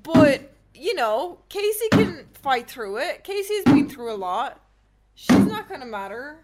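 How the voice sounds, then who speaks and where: A high-pitched woman streamer chats and teases her friends, talking to her chat with sudden loud outbursts. There is clear noise behind her voice. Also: a little slow. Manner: teasing, animated, loud outbursts. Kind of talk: casual group chat on stream. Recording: noisy background.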